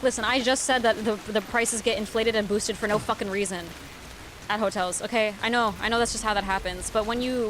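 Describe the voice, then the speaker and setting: A woman streamer chatting casually while gaming, ranting with lots of swearing and sudden loud outbursts. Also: a little high, slight background noise. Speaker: game streamer.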